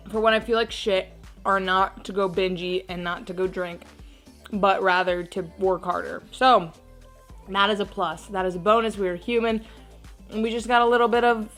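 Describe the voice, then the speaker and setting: A young woman vlogging in a casual, chatty way, leaning on "like" a lot, first at home and later at a gym. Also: mid-range voice. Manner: chatty, bubbly, says "like" often. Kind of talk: casual vlog chat.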